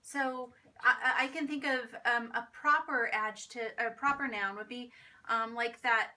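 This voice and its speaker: Bright-voiced woman teaching grammar at home. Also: fairly high pitch, fairly even intonation, normal speed. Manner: patient, explains with examples and checks with "right?". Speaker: homeschool teacher. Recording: distant mic with faint noise.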